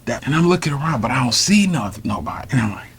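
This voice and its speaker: A man telling a personal story in a casual, animated and profane vlog style. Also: mid-range voice, fast, a little hiss or hum. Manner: animated, profane, many fillers.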